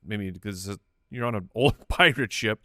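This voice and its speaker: A man's voice: fairly low pitch, normal speed, pushed and bright, no room sound, studio quality. An American man co-hosting a comedy podcast, telling goofy stories in playful banter. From United States. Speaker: podcast co-host. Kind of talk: casual comedy chat.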